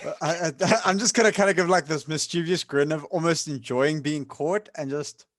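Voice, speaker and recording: A man playing in a tabletop game who excitedly describes his character's actions and laughs. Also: a little high, moderate pace, no echo. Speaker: player.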